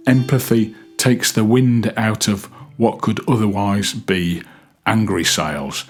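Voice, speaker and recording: A man hosting a casual self-help chat, talking gently with rambling pauses and restarts. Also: medium pitch. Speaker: podcast host.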